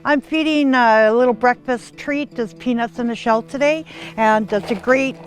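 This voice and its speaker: Slow, soft-spoken woman in her sixties. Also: on the high side. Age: 60s. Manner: soft, heartfelt, emotional. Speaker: pig sanctuary owner. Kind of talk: casual documentary talk. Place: outdoors on a farm.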